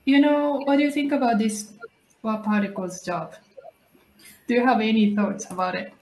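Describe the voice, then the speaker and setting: A woman's voice: fairly high pitch, normal speed, a little mellow, echoey room. A Japanese woman speaking English with a Japanese accent, hosting a casual study chat and prompting her guest with encouragement. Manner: prompting, encouraging, laughs often. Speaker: host and English learner.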